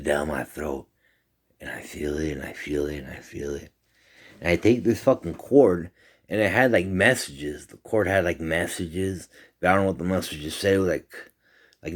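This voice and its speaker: Casual male storyteller: deep voice, profane, animated, rambling. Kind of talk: casual retelling of a dream.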